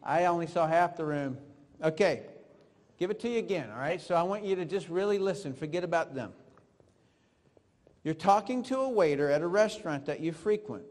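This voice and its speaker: A male trainer with a high voice leads a live seminar, quizzing and coaching his audience through drills. His voice rings through a hall with a long reverb. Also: lively intonation, a little fast, a little mellow. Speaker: network marketing trainer. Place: large room with an audience.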